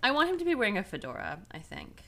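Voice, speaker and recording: A woman's voice: mid-range voice, wildly swooping pitch, fast talker, creaky, sharp tone. A young woman co-hosting a podcast, chatting casually with playful, overstated enthusiasm. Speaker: podcast co-host. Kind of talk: casual chat.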